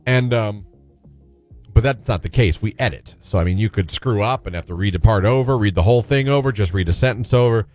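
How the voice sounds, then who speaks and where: A man's voice: on the low side, brisk, a little mellow, no echo, soft background music. A man hosting a casual radio talk show, telling a self-deprecating story and inviting listeners to call in.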